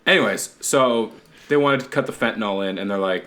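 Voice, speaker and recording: Laid-back man, low voice. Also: steady tone, brisk, fairly bright tone. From Canada. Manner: rambling, swears freely, laughs a lot. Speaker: podcast host. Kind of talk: casual chat.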